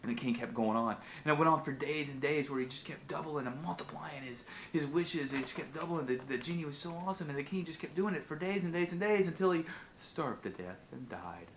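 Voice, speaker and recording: A man vlogging, telling a motivational fable in an animated, casual way with frequent restarts. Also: on the high side, brisk, slight background noise. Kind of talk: motivational storytelling.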